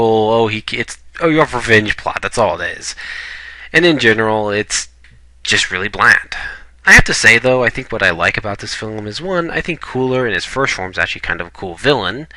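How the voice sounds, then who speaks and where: Blunt man with a bright, dry voice. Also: lowish voice, dry recording, rough recording. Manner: blunt, opinionated, swears casually. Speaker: video reviewer. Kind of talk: casual ranking review.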